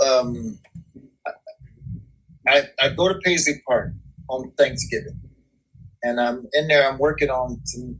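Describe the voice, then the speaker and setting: Very husky man telling a story. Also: mid-range voice, poor audio. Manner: animated, slangy, repeats words. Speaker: guest musician. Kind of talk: casual storytelling.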